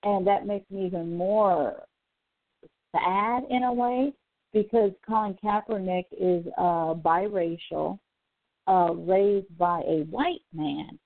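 A woman hosting a casual talk show, telling a story in an animated way and acting out the quotes, sounding exasperated. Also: mid-range voice, slow pace, no echo. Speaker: show host. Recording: phone-like dry audio.

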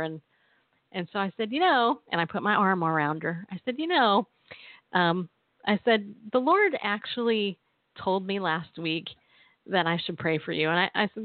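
Her voice sits at medium pitch, with no room sound but a tinny, phone-line quality. This woman co-hosts a radio show, chattily telling a personal story and encouraging listeners, often laughing and acting out what people said, in a testimony-and-exhortation style.

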